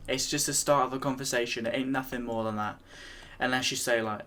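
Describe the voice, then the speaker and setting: A man's voice: mid-range voice, little pitch movement, fairly quick, few pauses, bright, forceful tone, a little hiss or hum. A young British man with an easygoing, rambling manner, full of restarts and fillers, chatting as he reacts to a video. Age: young adult. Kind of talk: casual chat.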